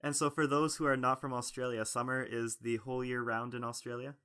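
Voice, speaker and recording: A man's voice: mid-range voice, flat delivery, brisk, pushed and bright, smooth. A man co-hosting a podcast, teasing and playful in casual chat. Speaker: podcast co-host.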